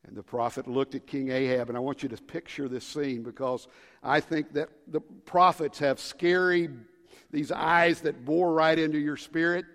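Give me a man preaching a sermon in a large church, shifting from whispers to shouts, with a long hall echo. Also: a little high, fairly even intonation, normal speed. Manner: swings from hushed whispers to shouted rallying calls. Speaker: pastor.

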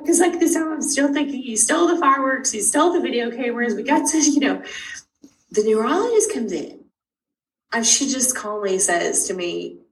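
Animated woman telling a story, roomy and distant. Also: a little hiss or hum. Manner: animated, acts out dialogue with big pitch jumps. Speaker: parent of a sick child. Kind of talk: personal storytelling in conversation. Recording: roomy sound from a distant mic.

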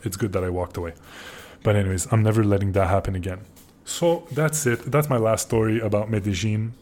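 A man's voice: lowish voice, fairly quick. A man casually telling a story on a podcast, swearing often and restarting his sentences as he gets worked up. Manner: profane, excitable, frequent restarts. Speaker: podcast host.

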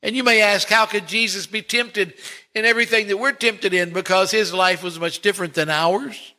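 A man preaching a sermon in a high, bright voice. He leans on single words, slows to a near stop, then lifts again in rising swells. His delivery is deliberate and heartfelt, built for a congregation. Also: fairly even intonation. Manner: preaching with dramatic pauses and swells. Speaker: pastor.

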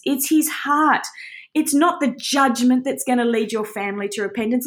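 A woman with a somewhat high voice gives a heartfelt Bible teaching. She talks casually and with passion, often restarting her sentences as she goes. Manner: passionate, conversational, rambling with restarts.

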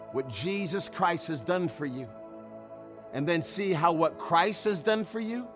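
A male pastor preaching a sermon. He tells a personal story, acts out his own past lines and builds to emphatic, repetitive preaching. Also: on the high side.

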